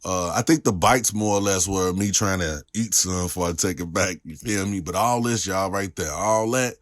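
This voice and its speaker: Low-voiced laid-back man hosting a cooking vlog. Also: normal speed, a bit bright, no room sound, clean studio sound. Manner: laid-back and chatty, with frequent "you know what I'm saying" asides. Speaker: cooking show host. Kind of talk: casual food review vlog. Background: music playing.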